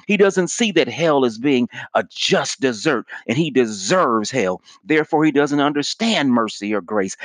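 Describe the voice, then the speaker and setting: An earnest male preacher teaches in an emphatic sermon style and drives his points home by repeating them. His voice sits a little high. The sound is dry and close. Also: dry recording. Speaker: evangelism teacher.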